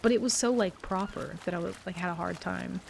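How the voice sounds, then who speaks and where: A young woman streamer in casual live-stream chat, rambling, swearing freely and getting animated as she talks. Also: lowish voice, a little fast, creaky, a little hiss or hum.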